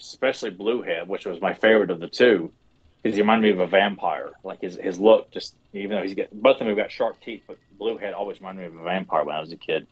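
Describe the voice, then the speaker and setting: A man co-hosting a podcast in casual chat, animated, swearing and restarting often. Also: on the low side, highs cut off. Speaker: podcast co-host.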